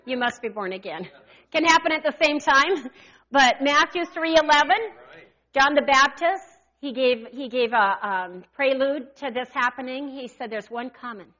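A woman in her sixties preaching a sermon, animated and calling out to the congregation for responses. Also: sits high, moderate pace, highs cut off.

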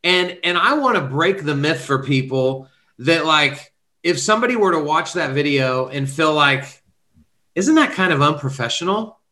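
A man's voice: a little high, expressive, normal speed, sharp tone. A man hosting a casual podcast interview, speaking conversationally with many fillers and encouraging his guest. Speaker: podcast host.

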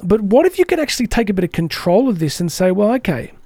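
A man's voice: high-pitched, big pitch swings, quick pace, mellow, no echo, studio quality. A man hosting a motivational podcast, talking energetically and chattily and acting out the voices he quotes. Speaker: podcast host.

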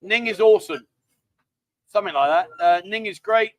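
A middle-aged man with a London English accent and a high voice hosts a live stream at normal speed. He's chatty, jokey and rambling in casual conversation.

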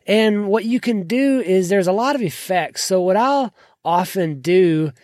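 A man's voice: lively intonation, measured pace, a little mellow, no room sound, studio quality. A man hosting a podcast, casually walking through his recording apps in a tutorial and trailing off at the ends of sentences. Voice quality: not a deep voice. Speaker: podcast host. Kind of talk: casual screen-share tutorial. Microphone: desk microphone.

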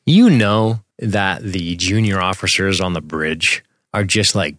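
At his home streaming setup, a man co-hosting a podcast talks about a movie as it plays, casual and profane, laughing frequently. His voice sits low and has a fairly bright tone, and he speaks unhurriedly.

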